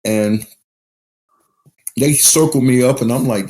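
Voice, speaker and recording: A man speaking as a podcast guest, his voice at an ordinary middle pitch. He tells his story in an open, unguarded way and swears freely. The studio sound is close and clear. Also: slow, pauses often, a little mellow. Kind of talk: casual recovery podcast talk.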